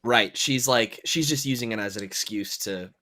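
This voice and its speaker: Soft-spoken man explaining on a live chat. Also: medium pitch, normal speed. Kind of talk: casual livestream chat.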